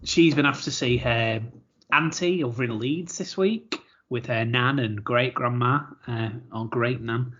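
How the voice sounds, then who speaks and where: A man's voice: medium pitch, unhurried, pushed and bright. Guy in his 30s, rambly podcast chat, repeats himself a lot, kinda muffled lo-fi sound. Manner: chatty, rambling, laughs easily, repeats words. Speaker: podcast co-host. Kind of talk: casual chat.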